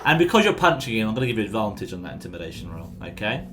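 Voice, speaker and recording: A man's voice: fairly low pitch, very animated, very fast, music in the background. A man running a tabletop game, chatty and apologetic, full of fillers. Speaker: game master.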